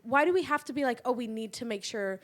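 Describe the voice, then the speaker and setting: A woman's voice: fairly high pitch, fast talker. A woman co-hosting a casual podcast chat, giving opinions at length. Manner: opinionated, talks things through. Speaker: podcast co-host.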